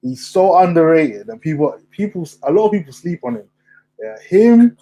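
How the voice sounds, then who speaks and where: Animated young man, mellow tone. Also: on the high side, moderate pace, poor audio. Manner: animated, slangy, asks questions. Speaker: podcast host. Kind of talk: casual chat.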